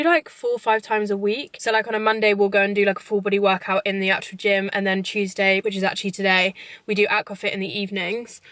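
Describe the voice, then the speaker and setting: A woman's voice: medium pitch, fairly bright tone, dry recording. A young woman chats casually to camera from her parked car while eating. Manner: chatty, eating while talking. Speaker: YouTuber.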